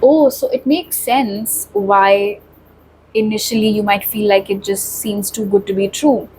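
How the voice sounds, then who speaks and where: A woman's voice: medium pitch, unhurried, darkish tone, slight background noise, rough recording. A woman giving a pick-a-card tarot reading, talking straight to viewers in a reassuring way. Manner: reassuring, addresses viewers directly. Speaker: tarot reader.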